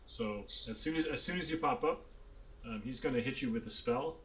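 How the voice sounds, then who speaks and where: A man's voice: medium pitch, fairly quick, a bit bright. A man narrating as dungeon master, loose and swearing, laughing often, with faint hiss behind. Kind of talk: narrating a tabletop game.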